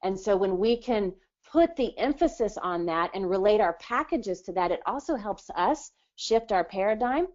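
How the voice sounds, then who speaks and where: Woman coach, persuasive and upbeat, mid pitch, dull lo-fi recording. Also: normal speed, hardly any pauses. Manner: energetic, persuasive, acts out client voices. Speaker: business coach. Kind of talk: live hot seat coaching session.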